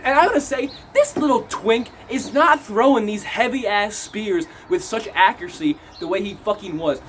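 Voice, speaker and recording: A young man recapping a movie in a casual vlog, animated and profane, acting out scenes as he talks outdoors in cold wet weather. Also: sits high, moderate pace, hardly any pauses, a little hiss or hum. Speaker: movie reviewer.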